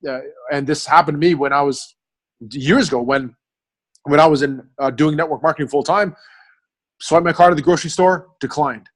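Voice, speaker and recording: A man hosting a group mastermind video call, coaching the group in an earnest way and often checking in with "right?". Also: fairly high pitch. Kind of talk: motivational coaching talk.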